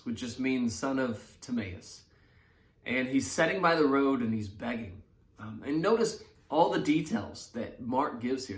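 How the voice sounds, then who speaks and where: A man leading a morning Bible study who reads scripture aloud and then explains it in a relaxed, conversational way. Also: mid-range voice. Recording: roomy echo.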